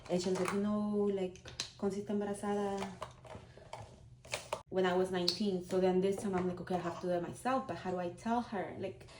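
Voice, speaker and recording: A woman's voice: medium pitch, steady tone, brisk, background noise. A woman in her thirties, a vlogger, telling a personal story in a candid, heartfelt, conversational way. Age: 30s. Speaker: vlogger, single mom. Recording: roomy echo.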